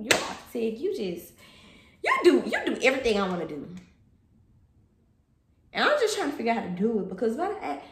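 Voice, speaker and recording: Background noise sits under this fashion vlogger's slightly high voice as she talks in an echoey room. The young woman keeps her haul video chat playful and slangy, laughing frequently.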